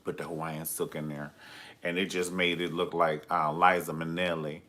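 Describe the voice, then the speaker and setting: A man hosting a livestream from home, telling stories in a sassy, profane, animated way. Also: deep voice, normal speed. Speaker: livestream host. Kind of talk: comedic storytelling.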